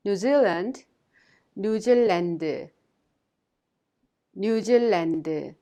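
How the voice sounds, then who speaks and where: A woman language teacher giving a scripted lesson, speaking clearly and carefully and saying words twice for learners to repeat. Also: medium pitch, brisk, mellow.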